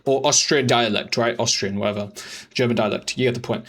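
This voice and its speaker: A young dating coach races through chat screenshots in a voice-over, explaining his tactics to viewers with profane, mocking, rapid-fire banter. His voice is middling in pitch, steady, and fairly bright.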